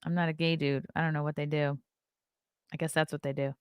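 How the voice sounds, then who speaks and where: A woman's voice: sits low, little pitch movement, fairly quick, smooth, no echo, studio quality. A woman, hosting a casual live stream, chatty and profane as she reads out the chat. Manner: blunt, profane, chatty, laughs often. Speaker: podcast host reading live chat.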